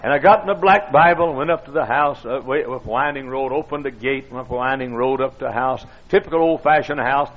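A man's voice: medium pitch, a little fast, hardly any pauses, muffled recording. An older man, a pastor, telling stories in a folksy, self-deprecating sermon with many fillers and restarts. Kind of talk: storytelling sermon.

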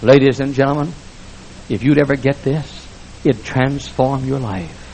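A man preaching a fiery church sermon, swinging between shouted lines and hushed speech with emphatic repetition. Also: mid-range voice, fairly even intonation, unhurried, vocal fry, slight background noise, rough recording. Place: church sanctuary before a congregation.

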